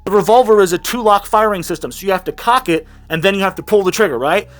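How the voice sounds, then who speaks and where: Sarcastic male commentator with a high voice, faint music underneath. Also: quick pace. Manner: sarcastic, mocking, rambling with restarts. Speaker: commentary vlogger. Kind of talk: reaction commentary.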